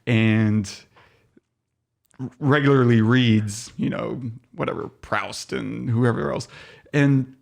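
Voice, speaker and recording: A man's voice: medium pitch, takes it slowly, vocal fry, long pauses. A man hosting a podcast, chatting casually and making dry, wry remarks.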